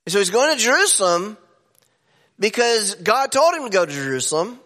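A man preaching a sermon as pastor, animated and jumping up in pitch for emphasis. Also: moderate pace. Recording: echoey hall with long reverb.

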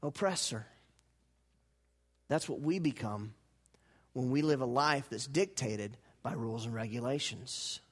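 A man preaching a sermon to his church, moving between loud emphatic passages and quiet, intense ones, and leading the congregation in call-and-response. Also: mid-range voice, unhurried, pauses often, breathy edge. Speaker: pastor.

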